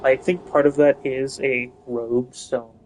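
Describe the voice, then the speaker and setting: A man's voice: mid-range voice, flat delivery, a little slow, darkish tone, slight background noise, low-quality recording. A young man giving casual gameplay commentary, rambling with lots of fillers and self-corrections. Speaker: gaming video host.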